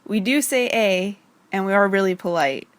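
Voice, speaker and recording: A Canadian woman with a Canadian accent delivers a scripted podcast intro in a playful, tongue-in-cheek way. Her voice sits in a middle pitch and sounds dry and close, with no room around it. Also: lively intonation, brisk, no echo. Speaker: guest intro reader.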